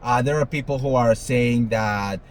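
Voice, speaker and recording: Brief: male gossip host, animated and theatrical, swears, faint noise floor. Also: medium pitch, normal speed, poor audio. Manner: animated, sassy, swears freely, dramatic voice swings. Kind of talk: casual commentary monologue.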